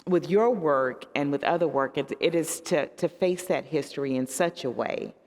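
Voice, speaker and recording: A woman pastor speaking on a discussion panel, telling stories with emphatic swings in her voice. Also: moderate pace. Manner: animated storyteller with emphatic pitch swings. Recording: echoey church hall.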